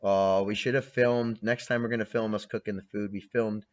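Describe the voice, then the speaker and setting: A man's voice: lowish voice, fairly even intonation, moderate pace, lo-fi sound. A man in his twenties hosting a casual podcast, rowdy and laughing, swearing a lot. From Canada. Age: 20s. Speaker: podcast host. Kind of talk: profane casual chat to camera.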